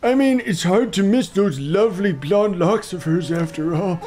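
Brief: man voicing a bossy, grumpy elderly rock-creature chief in a game, pitched high. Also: moderate pace, a little mellow, lightly acted. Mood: grumbling. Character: grumpy old male rock creature boss.

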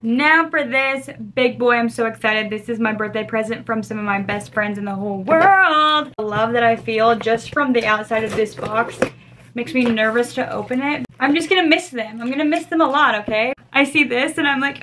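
A woman's voice: a little high, normal speed. Gushing young woman unboxing gifts. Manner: gushing, excitable. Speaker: book vlogger. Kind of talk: casual unboxing chat.

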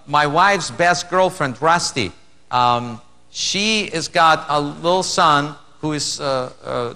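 A middle-aged man with a Russian accent telling a stand-up story, halting and restarting as he acts out quotes. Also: on the high side, sharp tone. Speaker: stand-up comedian. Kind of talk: stand-up comedy routine. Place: theater stage. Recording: live venue with long reverb, faint hum. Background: audience laughter.

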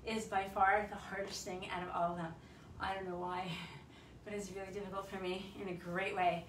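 A woman's voice: mid-range voice, flat delivery, a little fast, a little hiss or hum. A woman fitness instructor, out of breath, counting reps aloud and cheering viewers on through a bodyweight workout in her home garage. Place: un-air-conditioned home garage. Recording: echoey garage, mic at a distance.

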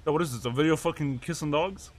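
A man's voice: a little high, fast, no room sound. A man streaming, reacting to clips with profane, incredulous commentary to his chat.

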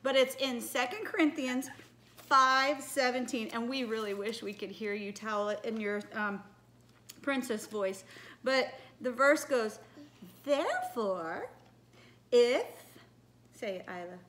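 A woman leading a children's church message, telling a Bible story in an animated way and coaxing the children with questions. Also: a little high, unhurried. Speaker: children's ministry leader.

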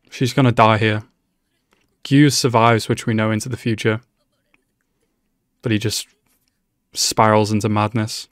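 A man of ordinary pitch reacts live to an episode on a close, dry microphone. He mutters his thoughts, then bursts into loud swearing and exclamations when the story turns tense. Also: dry recording. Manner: emotional, swears often, exclaims loudly at tense moments. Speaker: anime reaction channel host.

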